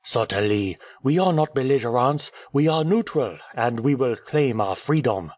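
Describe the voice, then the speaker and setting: A man reading an audiobook, voicing a cheerful, talkative male French journalist who speaks in a brisk, airy, teasing way. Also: medium pitch, expressive, darkish tone, no room sound, studio quality, voice pushed up, close to an everyday voice. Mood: breezy.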